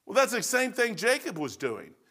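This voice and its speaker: A man in his sixties delivers an informal sermon in a folksy, rambling way, often drifting into joking asides. His somewhat high voice has a bright, forceful edge, with wildly swooping pitch at a moderate pace.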